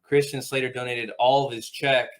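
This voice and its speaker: A man's voice: medium pitch, flat delivery, moderate pace. Chatty male podcast host sharing trivia. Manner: chatty, shares behind-the-scenes trivia, laughs often. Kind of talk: casual movie chat.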